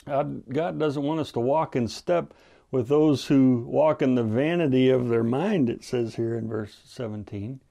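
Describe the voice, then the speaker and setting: A man preaching a radio Bible study with a gravelly, mellow voice. He talks in an earnest, measured way, pausing often as he explains scripture. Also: medium pitch. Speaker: pastor.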